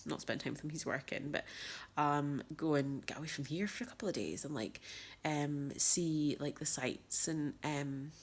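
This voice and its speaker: A woman's voice: sits low, moderate pace. A young woman telling a personal story in a rambling vlog, full of fillers and dropping into whispers. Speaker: vlogger.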